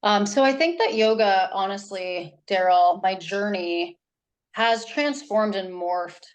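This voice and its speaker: A woman's voice: mid-range voice, slow pace. Chatty woman parenting coach. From New Hampshire. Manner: animated, rambling, many restarts. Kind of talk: casual interview talk.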